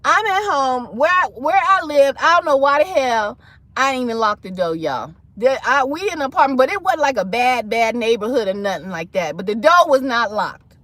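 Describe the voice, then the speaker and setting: High lively woman livestreamer, dramatic storytelling, dry close sound. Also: moderate pace, no echo. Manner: animated, dramatic, acts out voices in her story. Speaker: livestream host.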